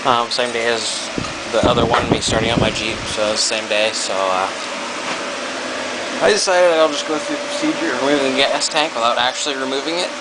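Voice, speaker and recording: A man's voice: medium pitch, brisk, very noisy. A man with the hiccups giving a casual, self-deprecating how-to walkthrough beside a Jeep, talking with plenty of fillers. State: has the hiccups. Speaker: vlogger.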